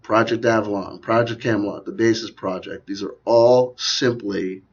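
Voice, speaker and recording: At a normal speed, a man with a lowish, breathy-edged voice and fairly even intonation delivers sardonic conspiracy commentary on video. He wanders off into frequent asides, and the lo-fi recording sounds dull.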